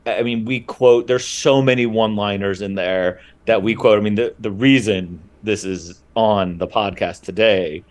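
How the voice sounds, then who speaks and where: A man's voice: fairly low pitch, fairly even intonation, moderate pace, hardly any pauses. Rambling, enthusiastic male podcast guest. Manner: rambling, enthusiastic, many "like" fillers. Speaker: guest, writer and comedian. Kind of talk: casual podcast chat.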